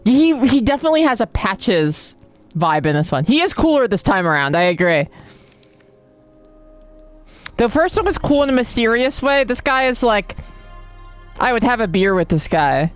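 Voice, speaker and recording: A woman's voice: a little high, sing-song, moderate pace, pauses often, soft background music. A woman streaming a game, chatting casually and joking with viewers.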